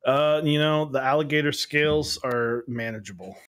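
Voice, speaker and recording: A man's voice: medium pitch, normal speed, a bit bright, clear, resonant tone. A young man co-hosting a casual livestream chat, laid-back, telling stories and acting out the people he quotes. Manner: laid-back storytelling, acts out quoted kids. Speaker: co-host.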